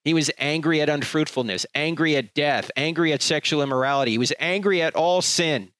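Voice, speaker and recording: A man's voice: on the high side, brisk, fairly bright tone, clear, resonant tone, no echo. A man preaching a sermon in an emphatic, rhetorical way, acting out the people he quotes.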